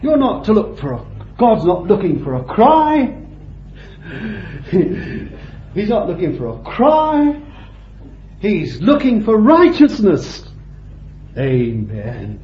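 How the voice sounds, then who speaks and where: A man preaching a sermon with deliberate phrasing, climbing to fervent high peaks and then dropping low and quiet. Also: wildly swooping pitch, slight background noise. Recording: dull lo-fi sound in a roomy hall.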